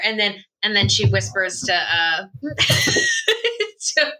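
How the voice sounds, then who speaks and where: A woman's voice: mid-range voice, lively intonation, slow pace, pauses often, pushed and bright. A woman recapping a tabletop game campaign in casual chat, rambling with lots of fillers and laughter. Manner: rambling and giggly, with many fillers and asides.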